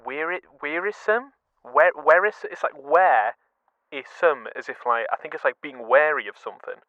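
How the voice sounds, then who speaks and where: A man's voice: mid-range voice, moderate pace, no echo. A man giving casual comic commentary, stumbling over words and poking fun at himself. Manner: stumbling, animated, self-deprecating. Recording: dull dry lo-fi sound.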